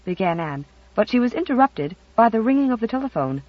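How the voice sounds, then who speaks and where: Narrator for a storybook: expressive scripted reading, mid pitch, dry muffled audio. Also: brisk, no echo.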